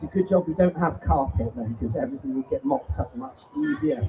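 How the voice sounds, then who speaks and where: His voice is a little high, with huge pitch swings, fairly quick and with few pauses, amid crowd noise. Before a family audience in an event hall, he presents invertebrates as a theatrical showman teasing the children, heard through distant, dull live-stream audio with faint noise.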